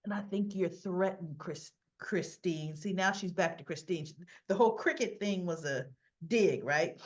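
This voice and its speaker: A woman's voice: fairly low pitch, measured pace, lo-fi sound. A woman hosting a casual soap recap, chatty and opinionated, acting out characters' lines as she goes. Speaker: soap opera recap host.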